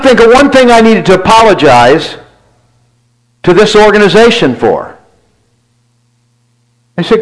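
A high-voiced male pastor preaching from the pulpit. He tells a story about himself, admits his faults with self-deprecating humor and acts out both sides of his talks with God. He throws in asides to his congregation. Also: very animated, moderate pace, rough recording. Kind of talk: sermon.

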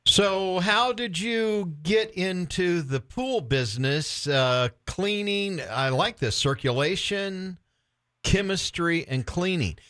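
A man's voice: high voice, slow, fairly bright tone. Upbeat middle-aged Christian radio host man. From Florida. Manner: upbeat, enthusiastic, frequent laughs and restarts.

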